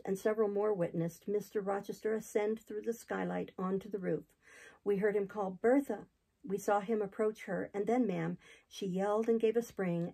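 A chatty old innkeeper rambles through a grim tale, solemn yet eager to tell it all, with a woman reading him aloud. The voice is warm and low-toned, with a gravelly, husky grain. It comes from a classic novel audiobook. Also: poor audio. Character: gossipy older male innkeeper, talkative and solemn.

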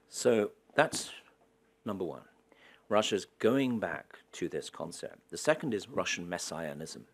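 A man's voice: low voice, animated, measured pace, slightly rough. A man giving a public lecture in a wry, anecdotal way with dry humor. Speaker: guest lecturer.

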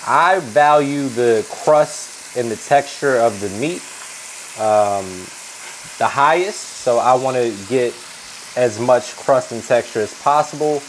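A man's voice: medium pitch, takes it slowly, slight background noise, low-quality recording. A man hosting a cooking competition, chatting casually and quizzing the cooks with jokes. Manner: joking, asks contestants questions. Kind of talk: casual chat.

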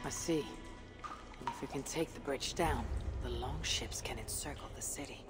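Low-voiced viking warrior woman, calm n blunt, game scene with music under it. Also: moderate pace. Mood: firm. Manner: steady, blunt, commanding. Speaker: game protagonist. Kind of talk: video game dialogue.

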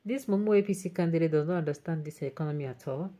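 A woman's voice: deep voice, fast talker, dark tone. A woman with a Nigerian accent hosting an online news show, reading viewer comments aloud and mixing in emphatic Pidgin asides.

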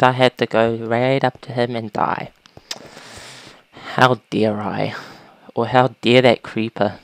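A woman casually commentating a video game, talking to creatures and breaking into panicked shouts. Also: a bass voice, clear, resonant tone. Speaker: gaming YouTuber.

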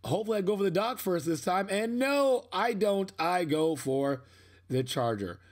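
A young man talking casually over his own unboxing video, rambling and poking fun at himself, with sudden excited outbursts. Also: high-pitched, normal speed. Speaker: unboxing vlogger.

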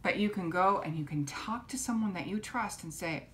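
A woman teaching young children, gently coaxing them to repeat simple phrases after her. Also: lowish voice, normal speed, a little hiss or hum. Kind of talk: children's lesson.

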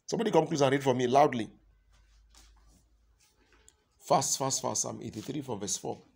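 A man with a Nigerian accent preaching a sermon, loud and emphatic, often asking the congregation call-and-response questions. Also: mid-range voice, fast, creaky.

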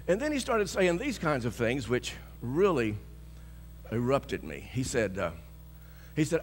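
A male pastor preaching a sermon, telling a story with lots of chuckles and shouting out bold declarations. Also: medium pitch, sing-song, unhurried, big-room sound.

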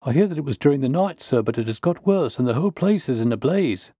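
A man reading the part of a chatty, deferential country station master who talks quickly. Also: mid-range voice, lively intonation, warm tone, breathy edge, dry recording, studio quality, pitched above the performer's own voice.

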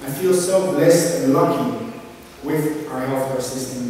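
With a mellow, steady mid-range voice and an unhurried pace, a Dutch man in his thirties gives an earnest, emphatic motivational talk in a conference hall. He tells stories in English, his second language, with a Dutch accent and small slips. The rough recording has a long reverb tail and a little hiss or hum.

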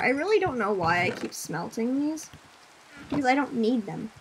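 A young woman streaming a game, chatting casually, reading chat aloud, laughing often and breaking into loud screams at enemies. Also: fairly high pitch, big pitch swings, normal speed, a little hiss or hum. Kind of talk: casual gaming commentary.

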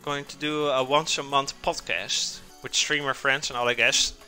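A man's voice: mid-range voice, steady tone, normal speed, bright, forceful tone, soft background music. A man streaming live from his home kitchen, chatting casually and answering viewer chat while he cooks.

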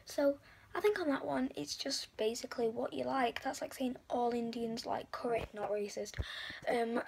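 An English woman talking casually to camera as a vlogger, rambling with quick self-deprecating asides. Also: a little high, creaky, a little mellow, husky. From England.

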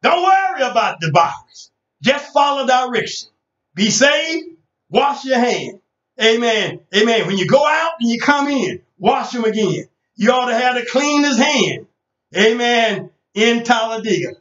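A high, bright-toned man whoops his Easter sermon in a slow, rhythmic sing-song, a breathy "and, uh" between every phrase. He sounds distant in a roomy church, and the recording is dull and lo-fi. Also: big pitch swings. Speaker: pastor. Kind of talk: chanted sermon.

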